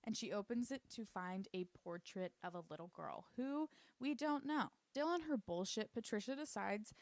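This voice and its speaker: A woman's voice: mid-range voice, expressive, no echo. A woman casually recapping a TV show for her channel, sarcastic and swearing freely. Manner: sarcastic, swears freely, slips into quick character voices. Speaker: YouTube recap commentator.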